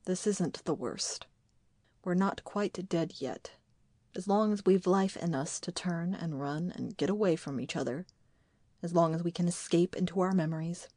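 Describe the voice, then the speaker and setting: A woman reading an audiobook, voicing a grim man named Oscar who speaks of hell slowly and bleakly. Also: lowish voice, warm tone, no echo, close to an everyday voice. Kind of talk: audiobook dialogue.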